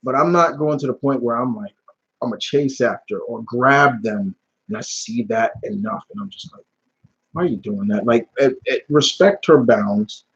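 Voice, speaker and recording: A man's voice: mid-range voice, normal speed, a bit bright, breathy edge. A young man hosting a live Q&A stream in casual talk, blunt and heated, swearing often and restarting his sentences. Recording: dull lo-fi stream audio.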